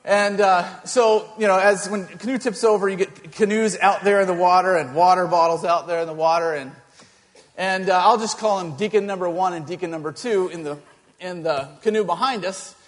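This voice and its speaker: A male pastor telling a story in a sermon, animated and halting, with many restarts. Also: sits high, long reverb tail.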